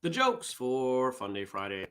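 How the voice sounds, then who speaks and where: A man's voice: medium pitch, huge pitch swings, measured pace, pushed and bright. A man hosting a casual live morning vlog show, chatting with viewers and reading their comments and jokes aloud. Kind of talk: casual live-stream chat.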